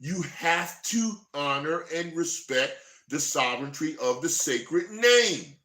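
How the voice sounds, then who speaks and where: Fired-up preacher, bright echoey voice. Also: male voice, fairly high pitch, expressive. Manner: reads verses slowly, then fired-up commentary. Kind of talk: scripture reading and preaching.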